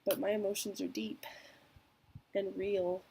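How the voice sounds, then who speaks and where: A young woman speaking candidly and emotionally in a personal vlog, with trailing pauses. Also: medium pitch, level tone, vocal fry, warm tone, slight background noise, rough recording. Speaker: vlogger.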